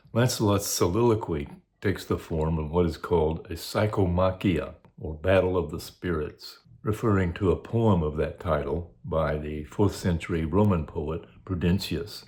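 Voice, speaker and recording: A man giving a recorded lecture as a course instructor, in a measured, academic way. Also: low-pitched, a little mellow.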